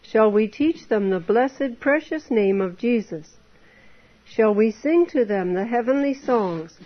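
A woman delivers a sermon in a fairly high voice, earnest and exhorting as she piles up rhetorical questions. The recording is dull and lo-fi. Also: lively intonation, slow. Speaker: preacher. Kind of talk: temperance sermon.

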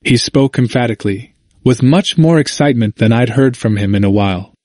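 A man narrating a first-person memoir in a measured, reflective way, recorded on a close studio mic. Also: mid-range voice, a little mellow, no room sound. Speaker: audiobook narrator.

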